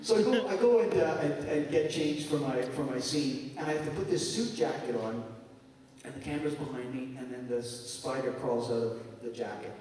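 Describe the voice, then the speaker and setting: A man's voice: mid-range voice, fairly quick. A man who is a guest at a fan convention, telling a funny anecdote to an audience, laughing often and talking loosely with lots of fillers. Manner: animated, laughing often, lots of "like" and "you know". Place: large convention hall. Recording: echoey hall miked from far off, loud crowd.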